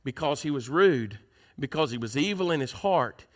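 A man's voice: on the high side, animated, normal speed. A man preaching a sermon in church, reading scripture aloud and asking the congregation questions.

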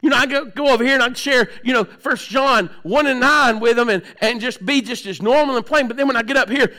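High, bright-voiced male preacher. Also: a little fast, few pauses. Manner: plain-spoken, conversational preaching with sudden soft and loud swings. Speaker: pastor. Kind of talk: sermon.

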